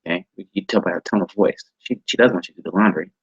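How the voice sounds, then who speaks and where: A man teaching an online training class over a video call, halting and often repeating words as he restarts his sentences. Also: deep voice, breathy edge, dry recording, highs cut off. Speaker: instructor.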